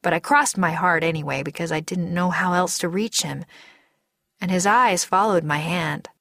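A woman narrating a first-person story in a measured, deliberate way. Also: fairly low pitch, a bit bright, no echo, studio quality. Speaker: audiobook narrator.

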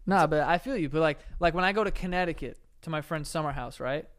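A young man co-hosting a podcast in casual chat, joking and swearing in quick back-and-forth with his friend. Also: a little high, a bit bright. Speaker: podcast co-host.

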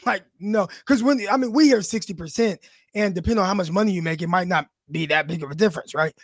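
A hoarse man with a high voice talks football in a blunt, casual way, laughing and stumbling over repeated words. The sound is dry and close, with no room around it. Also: fast talker, dry recording. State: losing his voice, hoarse. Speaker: co-host, former player. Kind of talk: casual sports talk.

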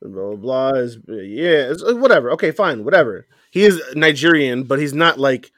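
Animated man, lively casual chat. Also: medium pitch, normal speed, no echo, studio quality. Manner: animated, laughs often, mimics voices. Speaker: podcast co-host.

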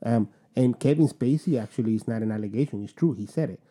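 Dark-voiced rambling man. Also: mid-range voice, breathy edge. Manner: rambling, halting restarts, swearing. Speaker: podcast co-host. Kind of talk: casual chat.

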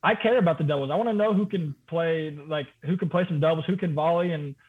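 A man's voice: a little high, fast, breathy edge. A man joining a podcast as a guest, chatting in an easygoing, enthusiastic way. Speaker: podcast guest, brand manager. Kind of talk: casual podcast chat. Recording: tinny phone-like line.

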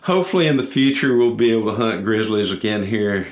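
Low-voiced man, folksy storyteller, roomy sound. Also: animated, fast talker. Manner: folksy, drawling, many restarts and "I said". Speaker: hunter telling a story. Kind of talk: casual spoken storytelling.

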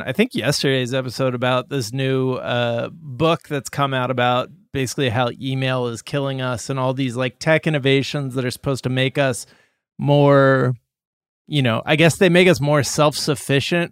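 Chill podcast host guy, smooth clear voice, dry sound. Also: mid-range voice, dry recording. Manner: laid-back, laughs often, filler-heavy. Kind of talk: casual podcast chat.

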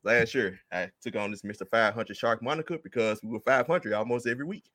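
A man's voice: mid-range voice, fast talker, pushed and bright, no room sound. A man hosting a sports podcast, leading the talk in an easygoing, chatty way. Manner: easygoing, laughs often, leads the segments. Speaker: podcast host. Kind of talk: casual sports chat.

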